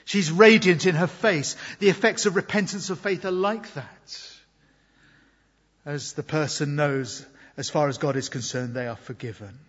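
A man preaching a sermon in an earnest, reflective way, moving between loud emphasis and quiet asides. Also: a little high, unhurried, slightly rough. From Britain. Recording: long hall reverb, dull lo-fi sound.

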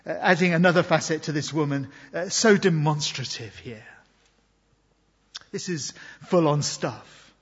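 A man preaching a sermon in an earnest, reflective way, moving between loud emphasis and quiet asides. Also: a little high, measured pace, breathy edge. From Britain. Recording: long hall reverb, dull lo-fi sound.

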